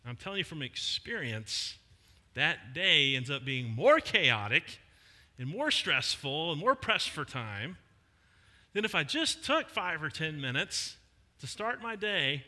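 A middle-aged male pastor preaching a sermon in a conversational way, with emphatic pauses on key words. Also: fairly high pitch, sing-song, pushed and bright. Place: church hall. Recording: long hall reverb.

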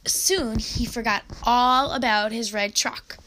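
Woman, children's story read aloud, expressive, somewhat high voice, faint hiss behind. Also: takes it slowly.

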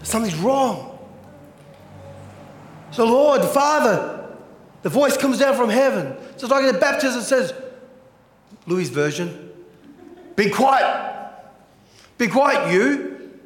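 Animated pastor in an echoey hall. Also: male voice, extremely high pitch, a little slow, pauses often. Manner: animated, rhetorical questions, acts out scenes. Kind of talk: sermon.

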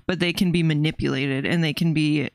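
A woman's voice: sits low, fairly even intonation, fairly quick, vocal fry, no echo, clean studio sound. Chatty woman co-hosting a faith podcast. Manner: chatty, filler-heavy, peppered with "like". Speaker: podcast co-host. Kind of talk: casual faith chat.

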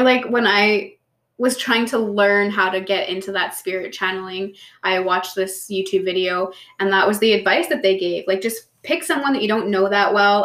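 A woman's voice: mid-range voice, fairly bright tone. A woman co-hosting a casual chat, a chatty storyteller who swears freely. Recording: echoey room.

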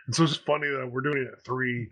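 A man's voice: medium pitch, fairly even intonation, quick pace, bright, forceful tone. A man in his thirties hosting a podcast, telling a rambling story in casual chat with plenty of fillers. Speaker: podcast host.

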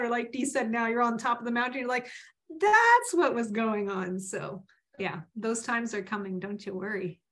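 A woman's voice: on the high side, fairly bright tone. A woman co-hosting a casual spiritual chat, talking in an upbeat, chatty way with lots of filler words.

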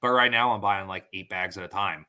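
A man's voice: deep voice, a little fast, clear, resonant tone. A man in his thirties from western New York, a farmer and butcher chatting as a podcast guest and acting out dialogue as he tells stories. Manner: animated storyteller acting out dialogue. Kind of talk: casual podcast chat.

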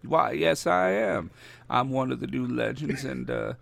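A man putting on an impression of a sly former male president, in a low, lecherous joking drawl. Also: animated, unhurried, gravelly. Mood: smug.

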